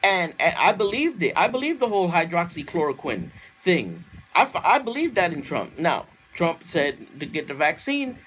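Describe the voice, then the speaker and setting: A man ranting on a livestream, fiery and profane, repeating himself and climbing into shouted outbursts. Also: high-pitched, big pitch swings, normal speed, few pauses, a little hiss or hum. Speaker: livestream host reading viewer comments. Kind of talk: heated political rant on a livestream.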